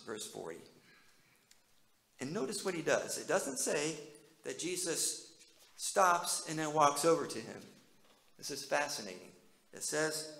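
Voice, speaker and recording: A man's voice: fairly high pitch, vocal fry, a bit bright, echoey room, poor audio. A male pastor preaching a sermon in a conversational way, often asking his listeners questions.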